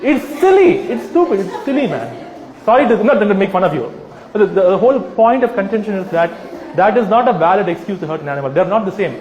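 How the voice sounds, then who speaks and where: A man with a high, darkish voice talks fast to a live audience in a large, echoey hall, with a faint crowd audible and poor audio quality. His animated, persuasive talk leans on rhetorical questions and acted-out scenarios, sometimes slipping into mocking voices.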